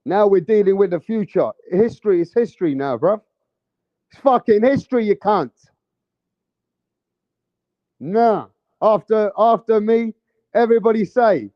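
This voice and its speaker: A man's voice: sits high, animated, measured pace, dry recording, lo-fi sound. A man giving casual vlog commentary on boxing, with a brash, profane, heated ranting manner.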